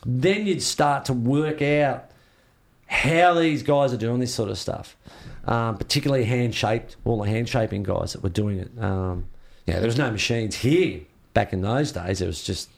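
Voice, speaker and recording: A man's voice: medium pitch, moderate pace, vocal fry. A man with an Australian accent, a surfboard shaper, telling rambling stories in a casual interview and acting out the reactions he quotes.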